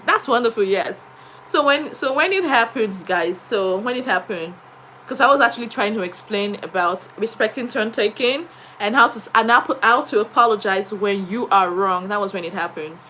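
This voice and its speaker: Brief: high, bright-voiced woman teacher, animated live stream storyteller who laughs as she talks. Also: a little hiss or hum, poor audio. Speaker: English diction teacher and etiquette coach. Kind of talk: casual live stream chat.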